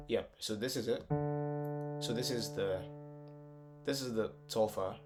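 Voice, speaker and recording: A man gives a casual music lesson at an unhurried, drawn-out pace. He repeats syllables and sings short solfa notes to test them against the scale. A guitar plays clearly beneath his voice. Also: on the low side. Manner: slow, repetitive, thinking aloud, sings solfa syllables to check notes. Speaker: music teacher.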